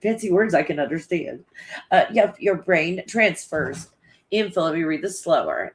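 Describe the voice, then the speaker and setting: Casual livestream host, talks to the chat off the cuff, swears freely, laughs a lot, average pitch. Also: very animated, normal speed. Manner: chatty, loose and swearing, laughs often.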